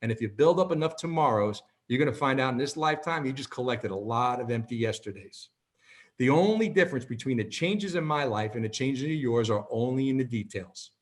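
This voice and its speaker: A man in his fifties giving a motivational talk, an animated storyteller who keeps checking in with "okay?". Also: mid-range voice, a little fast. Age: 50s. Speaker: presenter.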